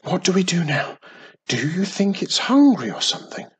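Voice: medium pitch, sing-song, unhurried, slightly rough, heavily acted. A reader voicing a young witch in a storybook who scolds her cousin and soothes a baby dragon. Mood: hushed. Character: bossy yet tender young witch woman. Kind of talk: storybook reading.

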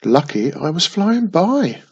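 A man's voice: on the high side, very animated, takes it slowly, breathy edge, dull audio, pitched above the performer's own voice, heavily acted. A man voicing a friendly, serious young boy wizard in a storybook reading. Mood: earnest. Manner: serious, earnest.

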